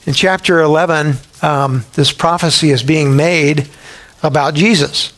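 A male pastor delivering a sermon with a slightly raised pitch. He presses his points with repeated rhetorical questions and an emphatic, urging delivery. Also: steady tone, measured pace, a bit bright.

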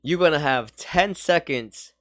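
A man hosting casually, explaining a rap challenge with a relaxed, stumbling delivery. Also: on the high side, measured pace, no echo, studio quality. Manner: relaxed, stumbles over words. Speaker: host.

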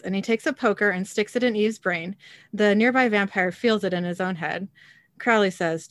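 A woman co-hosts a podcast and reads an episode recap aloud, quoted lines and all, between bursts of laughter. Her voice sits at an ordinary middle pitch. The recording is close and dry, with almost no room sound. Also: animated, normal speed, a bit bright, no room sound. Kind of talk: casual chat and reading a recap aloud.

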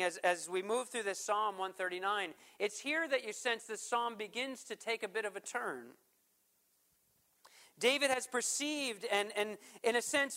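A man delivers a sermon at an unhurried pace. His voice sits high and sounds bright. He swells on key phrases, then falls quiet to drive a point home. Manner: earnest preaching, swells up then drops to hushed emphasis. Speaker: pastor.

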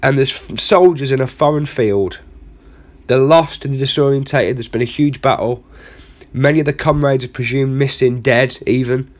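A man's voice: medium pitch, normal speed. A man hosting a comedy podcast, telling a rambling, self-mocking story full of asides. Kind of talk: comic storytelling monologue.

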